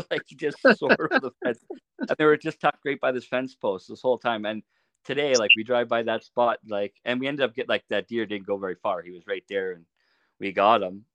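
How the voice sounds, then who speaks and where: A middle-aged man telling stories in a relaxed, casual way as a podcast guest, often laughing as he talks. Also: medium pitch, brisk, no echo. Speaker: podcast guest, archery shop owner. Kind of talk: casual storytelling.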